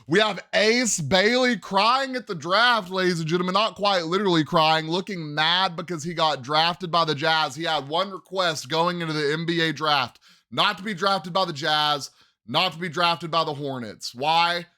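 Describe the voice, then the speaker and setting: A man's voice: a little high, moderate pace, no room sound, studio quality. A man hosting a solo sports podcast, emphatic and opinionated, often calling out to his listeners. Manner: emphatic, opinionated, addresses "ladies and gentlemen". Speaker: podcast host.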